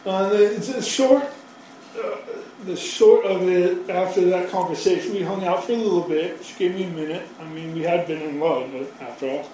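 High-voiced man in an echoey hall. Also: moderate pace, warm tone, distant mic, a little hiss or hum. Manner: rambling, profane and self-mocking. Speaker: speaker sharing his recovery story. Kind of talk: personal storytelling.

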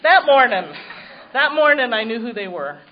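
A woman's voice: on the high side, very animated, moderate pace, highs cut off. A woman giving personal testimony at a recovery meeting, telling her story in a wry, self-mocking way.

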